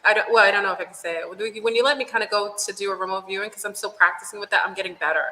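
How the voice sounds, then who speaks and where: A woman's voice: medium pitch, very fast, sharp tone, slight background noise. A woman guest in a casual spiritual chat, talking in an earnest, enthusiastic way. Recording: echoey room with long reverb.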